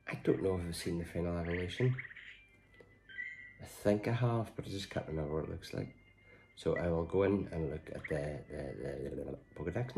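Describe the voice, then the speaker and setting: A man's voice: low voice, gravelly, mellow, rough recording. A man giving casual, chatty gameplay commentary, stumbling over names and grumbling in mock exasperation. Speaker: game vlogger.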